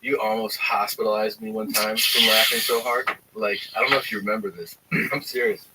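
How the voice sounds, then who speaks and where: A man's voice: on the low side, level tone, brisk, distant mic, heavy background noise. A man hosting a casual chat, recounting a story to his guest.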